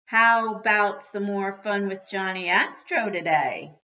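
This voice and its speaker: A woman voicing an excitable dad who bellows and wails theatrical old-style curses, in a dull lo-fi recording. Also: medium pitch. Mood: cheerful. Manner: bellowing, wailing, drawn-out outbursts.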